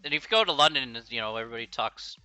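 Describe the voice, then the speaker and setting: Lively, bright-voiced American math tutor. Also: male voice, mid-range voice, very fast, smooth, no room sound, soft background music. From United States. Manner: chatty, encouraging, laughs often. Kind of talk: casual livestream tutoring chat.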